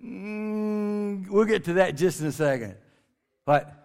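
Folksy high-voiced man joking in a hall. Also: gravelly, darkish tone, smooth. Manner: folksy, joking, drawn-out emphasis. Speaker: speaker at a creation ministry. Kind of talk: lively talk to a family audience. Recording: long reverb of a large hall.

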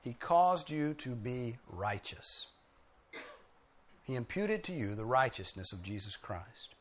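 A man's voice: mid-range voice, big pitch swings, slow. A man preaching an expository sermon, driving points home with emphatic repetition. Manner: emphatic, repeating key phrases with rising force. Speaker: pastor.

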